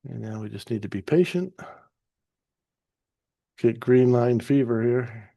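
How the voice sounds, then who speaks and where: A man calmly narrating a trade replay as a trading teacher, easygoing and explanatory with some fillers and restarts. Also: medium pitch, a little slow, gravelly. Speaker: trading educator. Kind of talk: narrated chart walkthrough.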